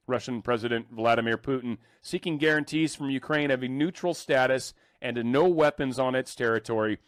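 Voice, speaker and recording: A man's voice: mid-range voice, no room sound, clean studio sound. A man casually reading news articles aloud and adding sarcastic, joking remarks between passages. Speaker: commentary host reading news.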